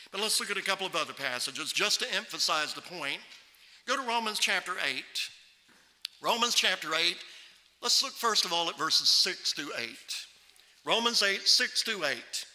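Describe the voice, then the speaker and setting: A male preacher with a high, bright, forceful voice delivers a sermon into a microphone. He talks emphatically and slows almost to a crawl on key words of scripture. The sound rings with the long reverb of a church hall. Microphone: microphone on a stand.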